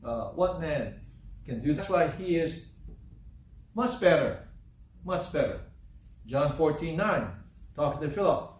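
A male preacher with a higher voice delivers a sermon in an echoey hall, heard from a distance off the mic. His pitch leaps up and down as he drives home rhetorical questions. He reads scripture aloud between them, with faint room ambience behind him. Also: animated, unhurried, long pauses.

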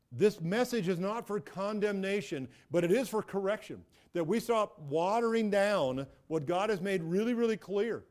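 A man's voice: high-pitched, a little mellow. A middle-aged man preaching a sermon as a pastor, emphatic and repetitive, often restarting his phrases.

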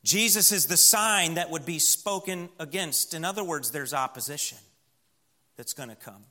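Bright, high-voiced preaching man. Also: moderate pace. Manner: preaching with rising emphatic lists. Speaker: pastor. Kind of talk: sermon. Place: church.

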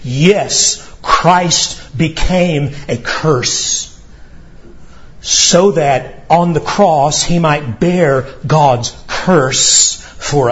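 A man preaching a sermon with a slightly raised pitch, taking his time over every phrase. He swings from hushed, weighty lines to soaring, emphatic proclamations. The recording sounds a little dull and lo-fi. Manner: dramatic preaching with rising exclamations and slow emphatic pauses. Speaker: pastor.

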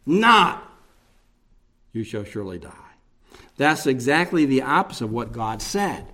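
A man preaching a verse-by-verse sermon, explaining the text slowly with emphatic repetition and rhetorical questions. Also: medium pitch, sing-song, pushed and bright. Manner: slow, deliberate teaching with emphatic repetition. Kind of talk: expository sermon.

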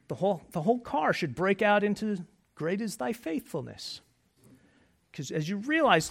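A male pastor delivering a sermon in an animated, conversational way. His voice sits high and moves through a wide, expressive range. He mixes humor with quiet, hushed moments. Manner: animated preaching with jokes, dropping to soft hushed phrases.

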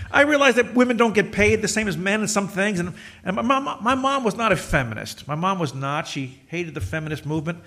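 Chatty male pastor, slightly high voice. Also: animated, fast talker, few pauses, pushed and bright. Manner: conversational, jokey storytelling with quoted voices. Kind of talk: sermon.

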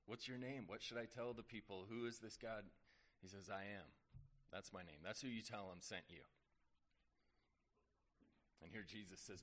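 A man's voice: on the low side, sharp tone. A man preaching a sermon in a conversational way, explaining scripture with occasional fillers and rising emphasis. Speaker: pastor.

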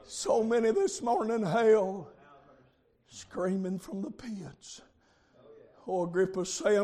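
A man preaching a revival sermon, moving from quiet storytelling to loud shouting. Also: high-pitched, lively intonation, takes it slowly, long pauses, crowd noise. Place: camp meeting with congregation. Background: congregation calling amens.

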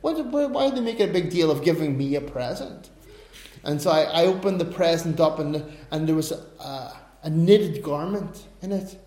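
A middle-aged man preaching a sermon, telling personal stories in an animated way, breaking into bursts of laughter. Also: a little high, normal speed. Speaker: pastor. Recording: roomy echo.

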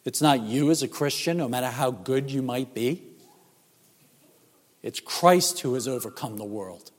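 A man preaching a sermon as pastor, emphatic and measured, with rhetorical questions. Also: mid-range voice. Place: church sanctuary. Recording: church hall reverb.

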